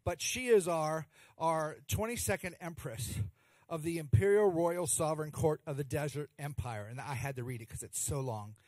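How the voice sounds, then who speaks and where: A male emcee who gushes over each guest, rambling and restarting his sentences as he goes. His voice sits a little high for a man. The recording is dry and close, with no room sound. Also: moderate pace, no room sound. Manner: warm, gushing, rambling with restarts. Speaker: host of a charity stream. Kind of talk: emcee introductions.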